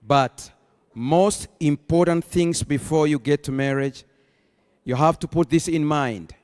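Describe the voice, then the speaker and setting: A man preaching a sermon as pastor, rising into emphatic bursts and slowing to stress key phrases. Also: a little high, darkish tone, clear, resonant tone. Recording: long hall reverb.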